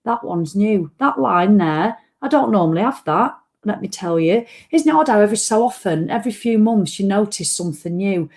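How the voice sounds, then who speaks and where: A tired woman hosts a casual live-stream chat, talking bluntly and swearing freely. Her voice has a mellow, dark tone that sits in the middle of a woman's range. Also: mid-range voice, lively intonation, brisk, hardly any pauses. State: tired after a run. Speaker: vlog host.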